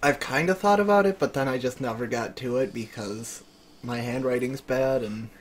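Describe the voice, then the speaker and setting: A man's voice: medium pitch, moderate pace. A man on a casual podcast chat, laid-back and filler-heavy as he recounts an odd dream. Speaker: podcast co-host.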